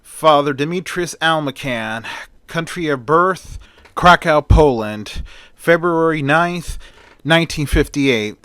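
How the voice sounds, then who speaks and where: A man's voice: on the high side, slow, fairly bright tone, smooth, dry recording. A man telling a homemade hero story in a plain, chatty way, stringing events with "and then". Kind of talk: casual amateur storytelling.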